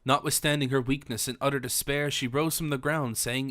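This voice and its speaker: A man narrating a classic novel audiobook in a measured, formal way. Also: medium pitch, steady tone, fairly bright tone.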